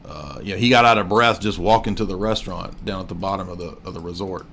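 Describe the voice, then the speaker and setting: A man's voice: deep voice, fast, fairly bright tone, a little hiss or hum. A man in his forties hosting a livestream, casually mocking what he watches in a rambling, joking way. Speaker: livestream host.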